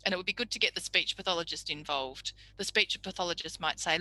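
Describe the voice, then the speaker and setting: Casting: woman tutor, very bright clear tone, dry close recording, chatty lecturer. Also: lowish voice, quick pace, hardly any pauses, no room sound, low-quality recording. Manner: warm, chatty, explanatory with acted examples. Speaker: speech pathology tutor.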